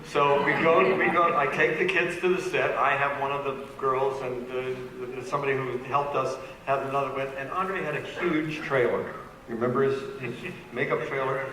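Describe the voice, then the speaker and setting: A man telling a lively anecdote on a fan convention panel, acting out the other people in the story as he goes. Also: mid-range voice. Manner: lively storyteller, acts out voices. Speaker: panel guest actor. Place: large convention hall. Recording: echoey convention hall, distant mic, noisy.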